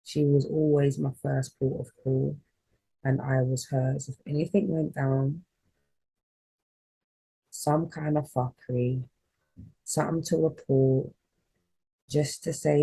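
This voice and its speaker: A woman's voice: deep voice, fairly even intonation, slow pace, gravelly, pauses often, mellow, slightly rough, poor audio. A woman, a spiritual reader telling an emotional personal story in a rambling, heartfelt way on her vlog.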